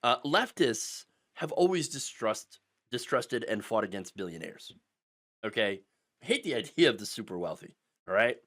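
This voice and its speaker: A man hosting a political commentary vlog, sarcastic and animated, punctuating his points with "okay?". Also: mid-range voice, moderate pace. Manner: animated and sarcastic, with constant "okay?" tags and mocking mimicry.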